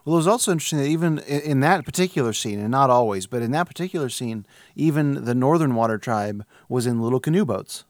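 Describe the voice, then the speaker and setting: A man's voice: mid-range voice, animated, quick pace, hardly any pauses, dry recording, clean studio sound. A man co-hosting a casual podcast chat, rambling through his points with frequent fillers and restarts. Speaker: podcast co-host.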